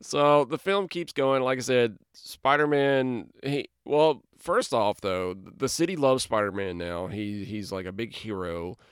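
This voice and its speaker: A man hosting a podcast in casual chat, lively and chatty, laughing often. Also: mid-range voice, measured pace, hardly any pauses, clear, resonant tone, no room sound, clean studio sound. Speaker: podcast host.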